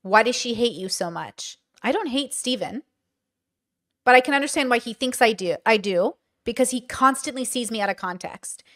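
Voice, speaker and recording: A woman's voice: a little high, expressive, moderate pace, fairly bright tone. A woman streaming live, explaining herself in an earnest, defensive, lecturing way.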